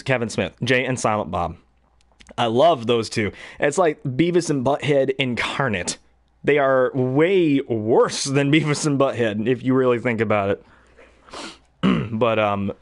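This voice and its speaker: A man's voice: medium pitch, no echo, clean studio sound. A man and hobby voice actor chatting casually in a rambling, enthusiastic way. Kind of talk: casual chat.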